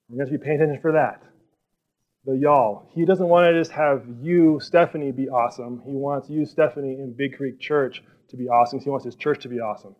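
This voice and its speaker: A man preaching a sermon as pastor in a casual, animated way, sometimes acting out what others might say. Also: medium pitch. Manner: animated, conversational, acts out quoted speech. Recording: dull lo-fi recording.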